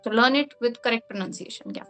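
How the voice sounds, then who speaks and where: A woman's voice: on the high side, fast, a bit bright, faint music behind. A woman whose first language is Hindi, answering interview questions at length in a casual, explanatory way, often using "like" as a filler and laughing between points.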